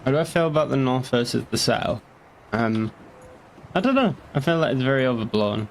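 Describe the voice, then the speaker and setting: A man's voice: medium pitch, very animated, a little fast, a little hiss or hum. A young man with a northeast English accent chatting casually on a game stream, rambling, swearing and answering chat. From northeast England.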